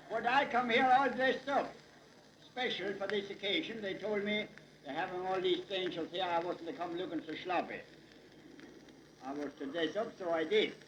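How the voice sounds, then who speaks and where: A man with a Pennsylvania Dutch accent giving a live dialect comedy monologue with folksy, deadpan storytelling. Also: on the high side. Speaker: dialect humorist. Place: hall with a live audience. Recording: echoey 1962 live hall recording with hiss.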